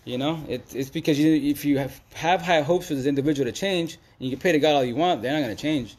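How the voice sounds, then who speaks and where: A man from Seattle, USA, does a Facebook Live vlog, talking straight to camera in a fast, fairly high-pitched, darkish voice. His casual monologue is slangy and full of street talk and emphatic repetition.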